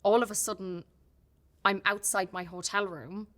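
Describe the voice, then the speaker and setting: Bright-voiced Irish woman, candid guest. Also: mid-range voice, fairly even intonation, normal speed. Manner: open and heartfelt, many restarts. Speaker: podcast guest. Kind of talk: candid casual chat.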